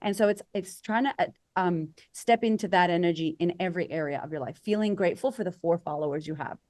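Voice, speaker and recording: A woman coaching as a podcast guest, energetic and conversational, acting out quoted voices for emphasis. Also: on the low side, fast. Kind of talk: conversational interview.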